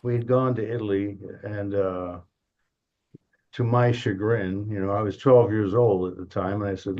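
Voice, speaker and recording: A man's voice: on the low side, fairly even intonation, moderate pace, mellow, dull audio. An older man from Detroit, a guest in an interview, telling rambling anecdotes with frequent chuckles. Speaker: guest, drum company co-founder. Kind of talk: casual storytelling.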